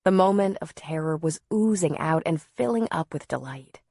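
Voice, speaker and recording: A woman narrating a novel in the first person, in a measured, softly expressive way. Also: deep voice, gravelly, husky, no room sound, clean studio sound. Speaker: audiobook narrator.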